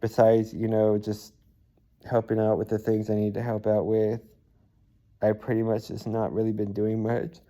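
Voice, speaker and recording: A tired man speaks into his camera in a low, mellow voice that barely rises or falls. He talks in a halting way, restarting sentences and filling pauses, like a personal video diary. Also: monotone. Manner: halting, soft-spoken, many fillers and restarts. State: weary and tired. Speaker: vlogger.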